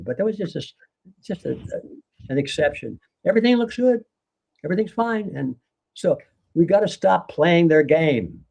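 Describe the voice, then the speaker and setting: A man's voice: on the high side, lively intonation, moderate pace, creaky, a little mellow, lo-fi sound. An older man, a guest author in a live conversation, speaking earnestly and lecturing, with occasional laughs.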